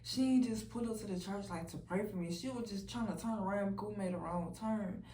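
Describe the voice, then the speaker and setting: Young woman telling her testimony, blunt, cusses a lot, goes quiet and soft a lot, kinda far from the mic in an echoey room. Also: a little fast, a little hiss or hum. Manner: candid, blunt, swears freely; often drops to a soft, low voice. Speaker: person giving a personal testimony. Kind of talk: emotional personal storytelling. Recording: roomy echo from a distant mic.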